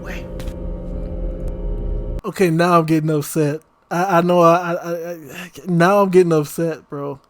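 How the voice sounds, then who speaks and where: Slow-talking exasperated man reacting. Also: a little high, steady tone, faint music behind. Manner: exasperated, ranting about the characters' logic. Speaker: reaction video host. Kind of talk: casual horror reaction commentary.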